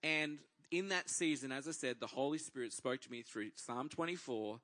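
A man's voice: mid-range voice, normal speed. An Australian man, a pastor, tells a personal story in a sermon and acts out the dialogue. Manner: lively storyteller acting out dialogue.

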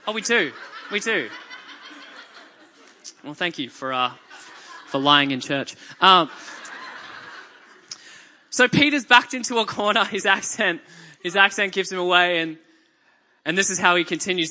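A man's voice: high voice, normal speed, long pauses, sharp tone. A man with an Australian accent preaching a sermon to a church congregation, mixing wry jokes with dramatic scripture reading. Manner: conversational and joking, reads scripture dramatically.

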